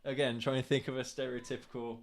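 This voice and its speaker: A man's voice: mid-range voice, level tone, quick pace. A man co-hosting a casual live stream, laughing often and coaxing his partner along.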